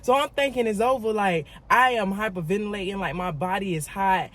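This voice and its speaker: A woman telling a story in a casual vlog, emphatic and animated, talking straight to her viewers and repeating words for emphasis. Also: medium pitch, fairly quick. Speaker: vlogger.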